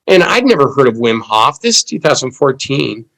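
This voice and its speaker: A man who is a therapist, a guest on a podcast, calmly recounting his experience in a plain, matter-of-fact way. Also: mid-range voice, moderate pace, low-quality recording. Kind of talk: conversational interview.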